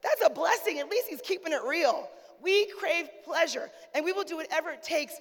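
A woman's voice: very high voice, expressive, normal speed. A woman pastor preaching a sermon in a conversational, humorous way, calling out to the congregation. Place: church sanctuary. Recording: long church reverb.

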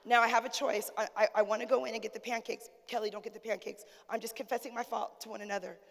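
A woman's voice: on the high side, fairly even intonation, fast talker, vocal fry. A woman pastor preaching a sermon in a conversational, humorous way, calling out to the congregation. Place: church sanctuary. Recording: long church reverb.

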